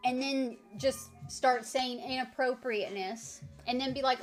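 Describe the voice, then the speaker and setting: A woman's voice: sits high, steady tone, measured pace, few pauses. An American woman chatting casually with viewers on a live stream and practicing French words aloud. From United States. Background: faint background music.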